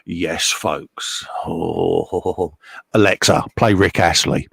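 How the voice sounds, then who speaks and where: Gravelly man reading viewer comments. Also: deep voice, fairly even intonation, very slow, a bit bright, no echo, studio quality. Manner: chatty, laughing, reads out viewer comments. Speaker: host. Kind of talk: casual chat. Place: home workshop.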